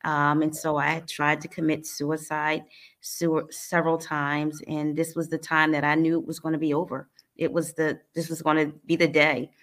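Low, flat-voiced woman telling her story. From New Jersey, US. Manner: earnest, halting, emotional. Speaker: interview guest. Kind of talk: personal life story in conversation.

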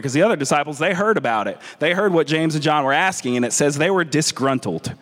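A man with a Southern American accent delivers a conversational sermon in a slightly bright, higher voice, brisk and with few pauses. He often restarts and repeats words, and the long reverb of a large hall surrounds him.

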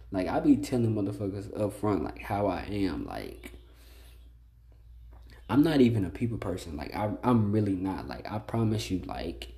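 This male podcast host has a mellow voice on the low side. Alone on his casual show, he speaks bluntly and profanely, with "like" filling every phrase.

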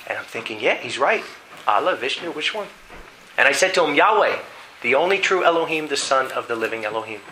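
A man preaching a sermon, telling a dramatic story in an animated way and reading scripture aloud. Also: mid-range voice, a little fast, a little hiss or hum, poor audio. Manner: animated storytelling, acting out voices.

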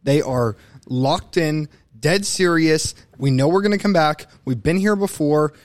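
A man's voice: a little high, unhurried, no echo. Opinionated young man on a dry mic. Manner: animated, opinionated, mimics coaches mid-rant. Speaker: sports podcast co-host. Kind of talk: casual sports talk.

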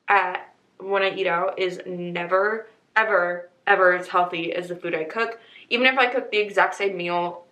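A woman's voice: mid-range voice, sharp tone. Podcast host, woman in her twenties, chatty and upbeat, mid-range voice, echoey room. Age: 20s. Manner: chatty, upbeat, talks straight to listeners. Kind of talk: casual chat.

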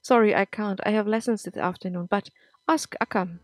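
A woman's voice: mid-range voice, moderate pace, lightly acted. A woman voicing a young woman who answers briefly and matter-of-factly. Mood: plain.

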